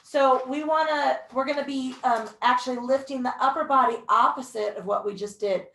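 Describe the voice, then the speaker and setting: Heard from afar in a reverberant room, this young pilates instructor talks at a normal speed in a high, gravelly, slightly bright voice. She guides a mat class with breath counts, upbeat cues and the odd whoop.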